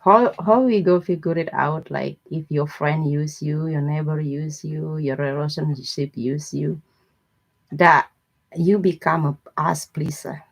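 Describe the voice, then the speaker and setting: A woman chats on her own live stream in an unhurried way, as if talking over tea with viewers. Her voice sits a little low, and her English is loose and broken as she rambles through stories and greets people by name. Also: fairly even intonation, gravelly. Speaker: tarot reader host.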